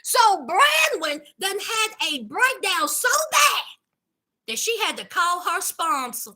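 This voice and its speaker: Play her as a sassy woman recapping a show, with a very high, sharply bright voice that swoops up and down. Keep her unhurried, dramatic and gossipy, leaning on every aside to her listeners. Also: sing-song. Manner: sassy, dramatic, calls listeners honey and child. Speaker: YouTube reality-TV recapper. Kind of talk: casual commentary recap.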